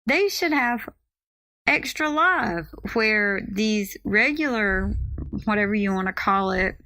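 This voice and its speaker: A woman's voice: medium pitch, animated, slow pace, bright, forceful tone, dry recording. A middle-aged woman, telling a family story in a chatty way and acting out what others said. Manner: chatty, acts out quoted voices. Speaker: vlogger, mother. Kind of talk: casual storytelling to camera.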